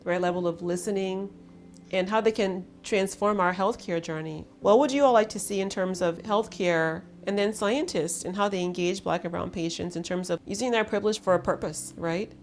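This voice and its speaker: A woman's voice: medium pitch, normal speed, soft background music. A woman hosting an intimate conversation, telling her story in an earnest, emphatic way. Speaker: host.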